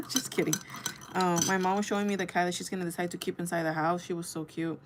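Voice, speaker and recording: A woman's voice: fairly low pitch, fast talker, a little hiss or hum. A young woman hosting a casual livestream, greeting her chat and telling a long story with lots of fillers. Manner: rambling, animated storytelling with many fillers. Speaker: livestream host.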